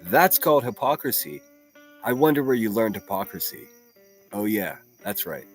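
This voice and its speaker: A man's voice: fairly low pitch, lively intonation, moderate pace, soft background music. A man hosting a solo livestream, giving blunt, profane and mocking reaction commentary.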